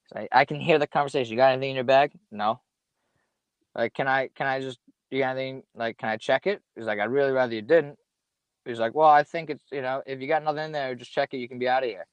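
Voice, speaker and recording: A man's voice: mid-range voice, steady tone, quick pace, dry recording. A young man telling a casual story in a rambling way, full of slang and swearing. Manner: profane, rambling, laid-back slang. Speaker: podcast guest storyteller.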